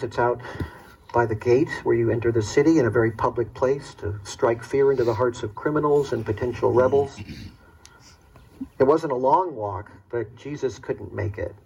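A man's voice: mid-range voice, vocal fry, a little mellow, slight background noise, low-quality recording. A man delivering a first-person dramatic monologue as a Roman soldier, earnest and reflective in his storytelling.

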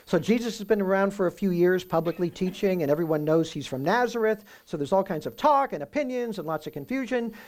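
A man preaching through a Bible passage in a conversational way, often checking in with "right?" and reading the verses slowly with emphasis. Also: sits high, expressive, darkish tone. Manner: reads scripture aloud slowly and with emphasis. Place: room with a live audience.

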